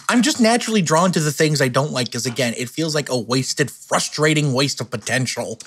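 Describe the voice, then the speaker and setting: A man's voice: medium pitch, lively intonation, fast, hardly any pauses, fairly bright tone, slightly rough. A young man hosting a casual film podcast, blunt and profane, laughing often. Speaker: podcast host.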